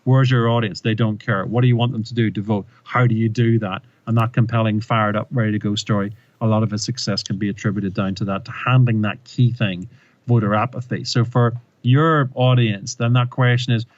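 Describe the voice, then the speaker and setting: A man's voice: on the low side, steady tone, a little fast, lo-fi sound. A man who is a presentation coach, a guest on a podcast, telling a story emphatically and often restarting and repeating words. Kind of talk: animated interview storytelling.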